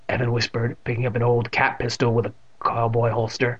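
A man's voice: medium pitch, flat delivery, a little fast, creaky, hardly any pauses, a bit bright, breathy edge. A man reading a children's book aloud and tossing in joking asides. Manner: adds joking asides to the text. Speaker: reader. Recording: muffled lo-fi recording.

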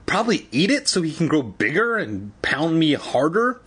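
A man voicing a bitter, sarcastic teenage boy in a raised, husky voice. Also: a little high, big pitch swings, normal speed, pitched above the performer's own voice. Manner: sarcastic, whiny.

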